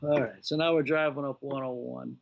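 A man in his sixties telling an animated story on a remote interview, acting out the dialogue of the people in it. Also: mid-range voice, a little fast, gravelly. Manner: animated anecdote-teller, acting out quoted dialogue. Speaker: guest, former baseball executive. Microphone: video call. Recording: lo-fi video call audio.

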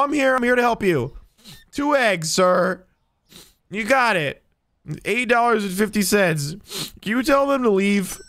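A man's voice: high-pitched, a bit bright, no room sound. A man streaming a game live, talking to the characters as a shopkeeper in a jokey, swearing way. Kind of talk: live gameplay commentary.

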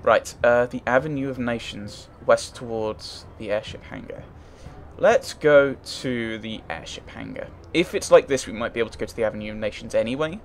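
Brief: male let's player, mid-pitched, halting and chatty, reading game text, faint background hiss. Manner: thinks aloud, hesitant, restarts often. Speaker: let's play gamer. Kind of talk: casual let's play commentary, reading game text aloud.

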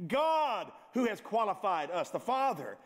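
A middle-aged pastor with a fairly high voice delivers a sermon. He breaks off for playful jokes aimed at his congregation, then presses back into his point with repeated words and quick restarts. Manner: lively, joking asides to the congregation.

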